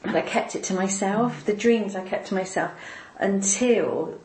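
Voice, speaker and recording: A woman's voice: medium pitch, darkish tone. Emotional woman telling a personal story, roomy echo. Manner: halting, repeats words, tearful at moments. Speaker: interviewee. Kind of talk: personal faith testimony.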